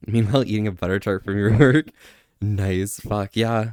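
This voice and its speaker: A soft-spoken man chats on a livestream, his voice sitting a little low. He stretches his praise out slowly and gently, and the sound is close and dry, with no room around it. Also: clear, resonant tone, dry recording. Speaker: streamer. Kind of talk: casual livestream chat.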